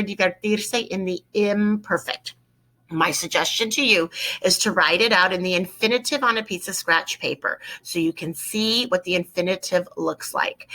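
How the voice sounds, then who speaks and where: A woman's voice: mid-range voice, sharp tone, low-quality recording. A woman teaching a Spanish grammar lesson, explaining each step and repeating key points, sometimes spelling words out letter by letter.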